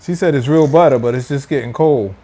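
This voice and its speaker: A man's voice: medium pitch, a little fast, dark tone. A man hosting a casual food vlog, playful and teasing as he talks to viewers at home. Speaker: food vlogger. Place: indoors at home.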